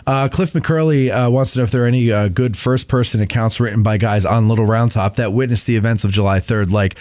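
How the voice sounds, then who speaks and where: Male host, mid pitch, reads viewer questions with small stumbles, dry close mic. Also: a little fast, a little mellow, no echo. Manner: reads questions aloud, stumbles and corrects himself.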